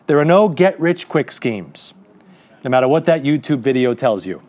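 A man preaching a sermon to a congregation, asking rhetorical questions and reading scripture slowly and deliberately. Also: medium pitch, very animated, a little mellow. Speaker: pastor.

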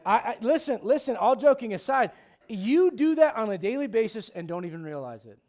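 A middle-aged male pastor leads a midweek Bible study sermon, animated and conversational. He throws quick joking asides to the congregation and punctuates points with bursts of high-pitched emphasis.

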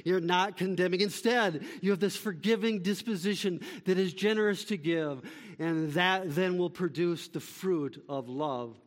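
Pastor guy preaching, high voice, big punchy lines then goes soft and slow, long hall echo. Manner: emphatic preaching, rising to calls then dropping to quiet, slow summaries. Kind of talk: sermon.

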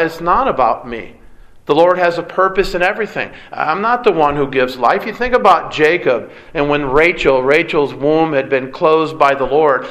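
Pastor guy preaching, fairly high voice, earnest and chatty, lots of questions to the crowd. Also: a bit bright, poor audio. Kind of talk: sermon.

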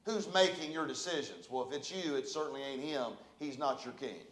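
A man preaching a sermon as pastor, moving between quiet, close talk and loud, impassioned calls. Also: mid-range voice, a little fast, echoey room, poor audio. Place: church sanctuary.

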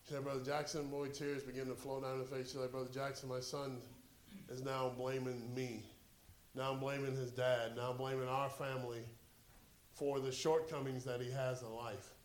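A man's voice: medium pitch, normal speed, reverberant. A man preaching with a Southern US accent, praying earnestly and then telling a story from the pulpit. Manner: earnest, builds to excited animated storytelling. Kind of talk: sermon with prayer and storytelling.

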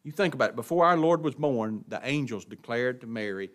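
A man preaching a sermon, swinging between loud emphatic stresses and quiet asides, often asking the congregation questions. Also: mid-range voice, expressive, fairly quick, hardly any pauses.

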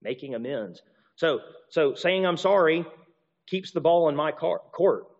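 A man's voice: on the high side, expressive, unhurried. A man preaching a sermon, talking animatedly with frequent restarts and repeated words, acting out apologies in shifting voices. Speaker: pastor or teacher. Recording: dull recording with long reverb.

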